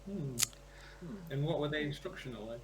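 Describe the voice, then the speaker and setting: A man playing a tabletop game, low-key and hesitant, on an online voice call. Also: lively intonation, brisk, crowd noise. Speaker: player. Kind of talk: casual chat. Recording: loud noisy home mic.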